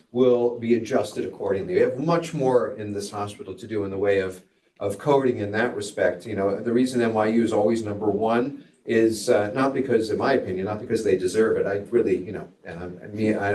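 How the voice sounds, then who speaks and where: Wry physician lecturing from a distance. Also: male voice, on the low side, darkish tone. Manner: conversational, digressive, wry asides. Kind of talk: grand rounds lecture.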